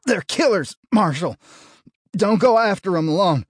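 A man's voice: high voice, expressive, unhurried, slightly rough, no room sound, clean studio sound, pitched above the performer's own voice, full character voice. A man voicing a badly beaten big deputy who is dying, pained and gasping, breaking off his words. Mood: pained, desperate.

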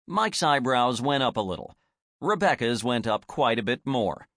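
A man narrates a novel with lively, animated intonation. His pitch sits in a middle range for a man. The recording is dry and close, with no room sound. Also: moderate pace, no echo. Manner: expressive, animated storytelling. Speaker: audiobook narrator. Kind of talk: scripted narration.

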